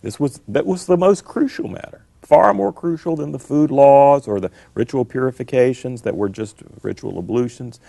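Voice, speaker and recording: A man's voice: medium pitch, normal speed, creaky, hardly any pauses, warm tone, dry recording. A middle-aged man, a scholar answering interview questions in an emphatic, lecturing way, repeating his key phrases. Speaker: guest scholar.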